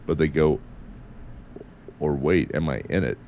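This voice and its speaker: Man, very low gravelly voice, mixed american accent, muttering game commentary, faint hiss behind. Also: measured pace, warm tone. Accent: mixed American, neither northern nor southern. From United States. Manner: muttering to himself, frequent swearing. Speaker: game streamer. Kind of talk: casual gameplay commentary.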